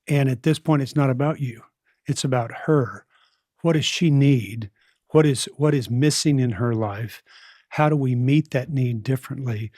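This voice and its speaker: A man's voice: mid-range voice, normal speed, a little mellow, no echo, studio quality. A man, a parenting counselor, giving earnest and direct advice as a podcast guest. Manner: earnest, direct, asks pointed questions.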